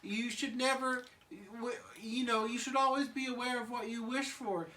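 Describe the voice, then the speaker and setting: A man doing nervous toddler Chucky, squeaky high. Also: fairly even intonation, moderate pace, pushed and bright, distant mic, a little hiss or hum. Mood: worried. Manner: high, worried and hesitant. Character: timid anxious toddler boy, Chucky.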